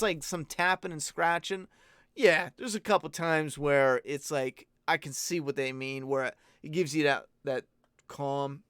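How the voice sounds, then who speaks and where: A man with a somewhat high voice and a dry, close sound, chatting casually as he answers viewers' questions. He rambles, swears freely and gives blunt opinions. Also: fairly bright tone, smooth, no room sound. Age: adult parent. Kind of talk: casual live-stream Q&A chat.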